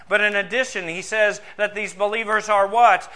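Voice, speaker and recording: A man preaching a sermon as pastor, asking rhetorical questions and swinging between loud emphasis and soft, low passages. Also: fairly even intonation, moderate pace.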